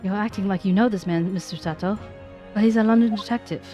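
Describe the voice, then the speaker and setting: A woman's voice: mid-range voice, fast, warm tone, faint music behind, natural voice. Woman reading as a nervous young male lawyer. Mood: puzzled.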